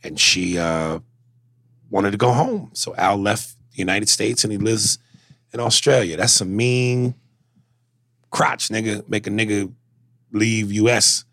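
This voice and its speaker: A low-pitched man co-hosts a podcast in loose, animated, profane chat. He tells stories with plenty of swearing and reads listener messages out loud. The sound is close and dry, with no room around it. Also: measured pace, pauses often, no room sound. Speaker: podcast co-host. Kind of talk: casual chat.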